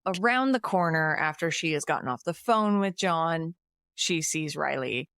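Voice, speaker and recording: A woman's voice: low voice, moderate pace, clear, resonant tone, no room sound, clean studio sound. A woman podcast host casually recapping a movie plot, acting out the characters' lines. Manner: animated retelling with acted quotes.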